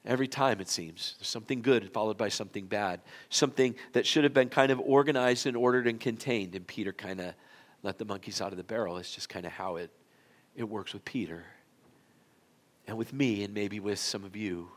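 A man's voice: fairly low pitch, fairly quick. Folksy, conversational preacher man. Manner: conversational, folksy storytelling with big swings in loudness. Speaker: pastor. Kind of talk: sermon. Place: auditorium.

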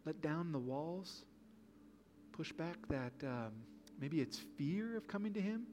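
A man's voice: on the high side, animated, takes it slowly, darkish tone, a little hiss or hum. A man preaching a sermon in an earnest, pleading way, full of rhetorical questions. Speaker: pastor.

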